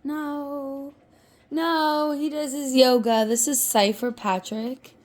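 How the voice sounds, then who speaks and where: A woman's voice: high voice, steady tone, slow pace, a little mellow, a little hiss or hum. A woman vlogging from her home kitchen while baking, chatty and playful, laughing often. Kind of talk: casual kitchen vlog.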